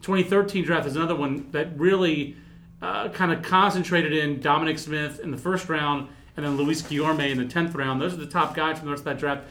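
A man in casual podcast chat about baseball prospects, animated and rambling, poking fun at himself. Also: fairly high pitch, brisk, a little hiss or hum. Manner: animated, rambling, self-mocking.

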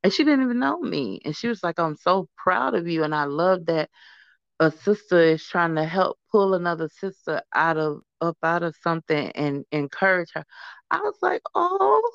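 A woman's voice: lowish voice, moderate pace, gravelly, no echo, muffled recording. A woman guest in a casual interview, speaking earnestly and acting out other people's voices as she tells her story. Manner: earnest, animated, acts out quoted voices. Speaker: guest, founder of a support program.

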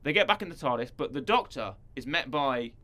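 A chatty man recapping a TV episode in casual podcast talk. He jokes along, acting out characters in a mid-pitched voice. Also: animated, fairly quick, bright, forceful tone. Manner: chatty, jokey, acts out characters. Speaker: podcast co-host.

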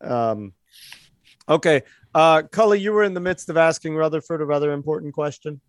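A man's voice: a little high, moderate pace, no room sound, studio quality. Man running a tabletop game. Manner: relaxed, rambling narration with fillers. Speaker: game master.

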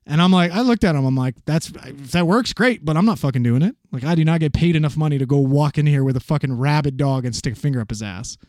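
A man casually telling a paramedic story, animated and swearing freely as he acts out the voices of the people in it. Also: a little high, fast talker, few pauses, no echo, studio quality.

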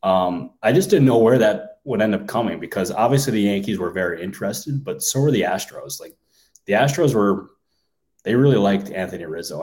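A man co-hosting a sports podcast, musing casually and thinking out loud with many fillers. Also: deep voice. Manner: thinks aloud with many ums and likes. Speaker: podcast co-host, sports reporter.

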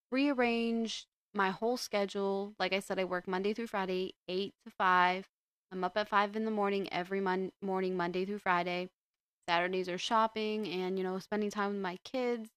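A woman's voice: medium pitch, fairly even intonation, normal speed, fairly bright tone, smooth, dry recording. A young woman hosting a podcast, chatting casually and rambling with frequent restarts. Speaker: podcast host. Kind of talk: casual chat.

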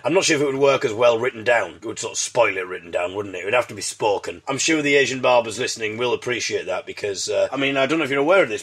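A man's voice: medium pitch, fairly bright tone, husky. A man hosting his own podcast, telling comic stories in a wry, self-mocking way and slipping in puns. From Britain. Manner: fond of puns. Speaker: podcast host. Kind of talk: comic monologue.

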